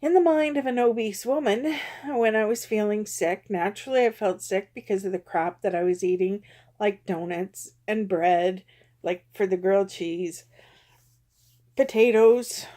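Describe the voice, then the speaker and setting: Woman vlogger, soft dark tone, candid confessional rambling, self-critical. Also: mid-range voice, unhurried.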